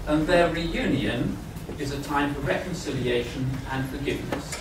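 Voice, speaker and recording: A man's voice: medium pitch, normal speed. A man reading his own first-person story aloud at a live literary event, earnest and confiding. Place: festival event hall. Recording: echoey hall, far mic, background noise.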